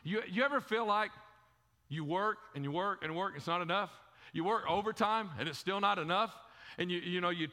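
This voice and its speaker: A male pastor with a high, pushed, bright voice preaches conversationally in a church sanctuary, firing rhetorical questions at the congregation. He repeats words often and uses fillers. The church gives the recording long hall reverb.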